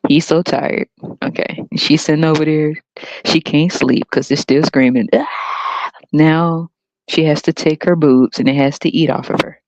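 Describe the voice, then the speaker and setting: A woman's voice: deep voice, steady tone, moderate pace, a little mellow, dry recording. A woman hosting a podcast, ranting in a blunt, crude, mocking way and laughing often. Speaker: podcast host. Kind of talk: ranting casual monologue. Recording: dull lo-fi dry recording.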